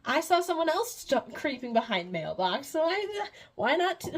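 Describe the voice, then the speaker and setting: A woman's voice: high voice, sing-song, moderate pace, voice pushed up. A woman voicing a playful redheaded demoness, bubbly and teasing.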